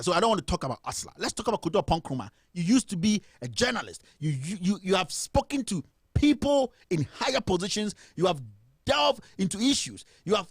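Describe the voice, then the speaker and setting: A man's voice: high-pitched, husky, no room sound, studio quality. A man with a Ghanaian accent ranting in impassioned, indignant political commentary as a host.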